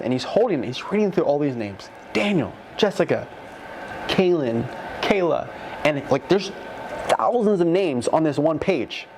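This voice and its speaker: A man in his twenties giving an emotional personal testimony, telling it in a heartfelt, animated way with many fillers. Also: medium pitch, a little hiss or hum. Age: 20s. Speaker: guest telling a near-death testimony.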